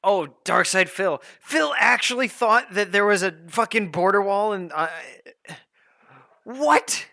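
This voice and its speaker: There's vocal fry in this man's lively, slightly slow voice as he streams a game and chats with his audience. He curses often and, when exasperated, bursts out in high, shouting rants.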